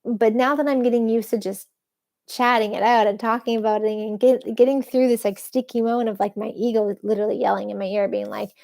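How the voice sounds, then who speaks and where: A woman's voice: a little high, fairly even intonation, brisk, creaky, dark tone. A young woman talking unscripted in a personal vlog, rambling and candid, with casual swearing, sitting on a bed at home. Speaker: vlogger. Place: bedroom with an ocean view.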